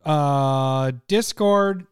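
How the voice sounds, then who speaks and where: A man's voice: fairly high pitch, drawn-out words, smooth, no echo, clean studio sound. A man hosting a podcast, wrapping up the show in a loose, joking chat and laughing often. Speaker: podcast host.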